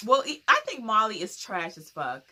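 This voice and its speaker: Bright, emphatic young woman recapping a show. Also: a little high, sing-song, moderate pace. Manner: emphatic, slangy, repeats points for effect. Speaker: TV recap host. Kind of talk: casual recap chat.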